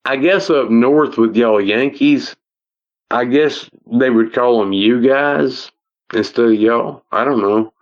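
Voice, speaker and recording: Slow-talking Southern man, folksy and rambling. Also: medium pitch, muffled recording. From American South. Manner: rambling, folksy, restarts often. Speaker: podcast guest. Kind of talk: casual storytelling.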